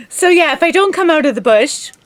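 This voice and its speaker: A young woman co-hosts a comedy podcast, teasing her partner and giggling between lines. Her voice sits high and light. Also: no room sound. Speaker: co-host. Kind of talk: casual comedic podcast banter.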